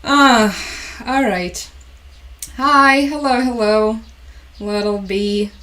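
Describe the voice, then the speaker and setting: A woman's voice: fairly high pitch, extremely slow, pushed and bright. A woman from Ukraine hosting a casual news livestream, chatty and tired, with dry sarcastic humor and frequent laughs. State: stressed and tired. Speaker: livestream host. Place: home room with a collection on the wall.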